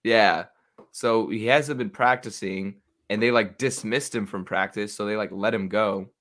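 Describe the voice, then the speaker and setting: A young man with a fairly low voice, talking through sports news with a buddy. His delivery is casual, loose and opinionated, sprinkled with swearing. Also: fairly even intonation, a little slow, a bit bright. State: hiccups.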